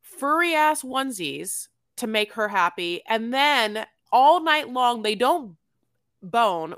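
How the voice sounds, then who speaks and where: A woman co-hosting a casual podcast about a reality TV show, talking emphatically and rambling, with sudden high outbursts. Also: a bit bright, dry recording, clean studio sound. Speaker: podcast co-host. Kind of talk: casual reality TV recap chat.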